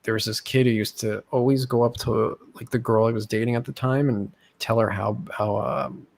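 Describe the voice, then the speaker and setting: A man's voice: mid-range voice, moderate pace, gravelly. A young man casually telling stories among friends, acting out the people he quotes. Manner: animated, acts out quoted people with raised voice. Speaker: host. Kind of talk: casual storytelling chat.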